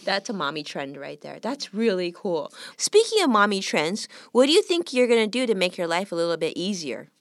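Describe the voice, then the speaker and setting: Lively-voiced woman host, laughing along. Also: mid-range voice, brisk, hardly any pauses, dry recording, studio quality. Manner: laughing, encouraging interjections. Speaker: podcast host. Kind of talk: casual chat.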